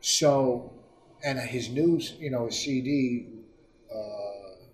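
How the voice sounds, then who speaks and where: A man's voice: medium pitch, very slow, far from the mic, slight background noise. Profane man telling stories in a roomy studio. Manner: profane, animated storytelling. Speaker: comedian guest. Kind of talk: casual storytelling.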